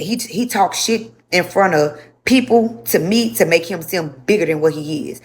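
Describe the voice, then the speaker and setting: A woman's voice: deep voice, normal speed, a little mellow. A young woman telling her story to a livestream audience, speaking bluntly with lots of swearing and repetition.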